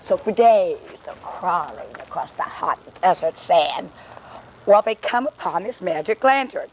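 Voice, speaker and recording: A woman's voice: lowish voice, lively intonation, unhurried, slight background noise, low-quality recording. Wry, self-mocking woman monologuing. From Texas. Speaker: solo stage performer. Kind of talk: comic autobiographical monologue. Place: outdoor alley.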